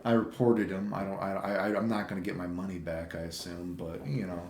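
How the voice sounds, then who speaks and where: A man telling travel stories in a casual, rambling vlog, swearing and getting animated as he retells run-ins. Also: low voice, brisk, roomy sound, slight background noise. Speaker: vlogger.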